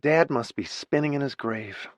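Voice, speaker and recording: A man's voice: medium pitch, normal speed, no echo, voice pushed up, close to an everyday voice. A male narrator voicing an outspoken grown daughter who speaks bitterly and bluntly. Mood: indignant.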